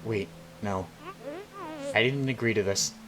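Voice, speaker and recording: A man reading a young woman's scornful, frightened dark reflection from a game. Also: fairly low pitch, a little slow, music in the background, lightly acted, rough recording.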